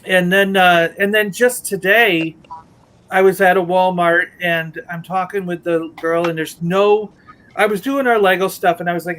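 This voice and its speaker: A man's voice: sits high, fairly even intonation, normal speed, a bit bright, low-quality recording. A man co-hosting a casual toy-collecting livestream, telling a long story in a rambling way, restarting and acting out what others said. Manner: rambling, retells conversations with restarts. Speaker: Lego merchandising rep.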